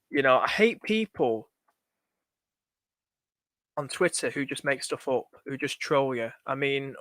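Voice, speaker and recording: A man's voice: medium pitch, bright, forceful tone, dry recording, clean studio sound. A young man on a live stream, thinking aloud in a chatty, anxious way and talking to his viewers. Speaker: fantasy football streamer.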